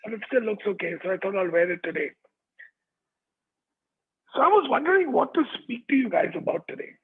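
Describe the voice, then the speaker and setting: Raspy, high-voiced man on a tinny call. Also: very animated, a little fast. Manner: chatty, checks in with the audience. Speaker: motivational speaker. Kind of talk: motivational talk. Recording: tinny online call audio.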